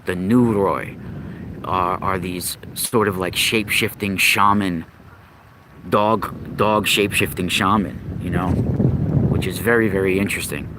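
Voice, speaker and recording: Here the podcaster's voice is low and fairly even in intonation, a little slow, with background noise behind it. He wanders through ancient myths and occult stories unscripted, frequently starting over and hunting for words.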